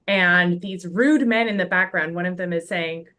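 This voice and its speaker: A woman calmly walks through her comic panels over a video call. Her voice sits low and stays matter-of-fact. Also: normal speed. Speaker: workshop participant.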